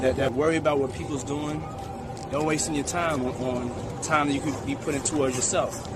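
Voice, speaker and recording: A man's voice: medium pitch, steady tone, brisk, over loud music. A man giving boastful, preachy motivational talk. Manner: bragging, preachy.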